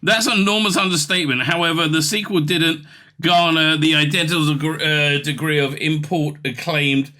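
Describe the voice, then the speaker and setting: A man's voice: a little high, fairly even intonation, normal speed, bright, forceful tone. A man hosting a ranting news commentary, reading articles aloud with scorn and exasperation and stumbling over the text. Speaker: commentary channel host.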